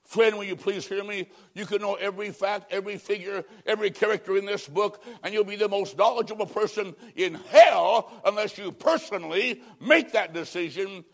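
Male evangelist, high-pitched, dramatic sermon delivery with loud peaks and quiet closes. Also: moderate pace, gravelly, few pauses. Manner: dramatic, swings between loud emphasis and hushed low endings. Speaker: preacher.

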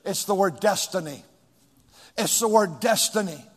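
High-voiced preaching pastor in echoey hall. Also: male voice, animated, measured pace. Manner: preaching with call and response, rising into shouts. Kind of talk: sermon with call-and-response. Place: large church hall with two floors. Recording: long hall reverb.

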